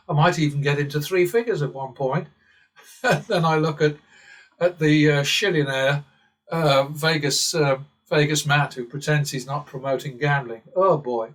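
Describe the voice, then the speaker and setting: A man's voice: a little high, far from the mic. Digressive English man, a bit off-mic. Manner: digressive and sardonic, chuckles often. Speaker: channel host. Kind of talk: rambling casual monologue.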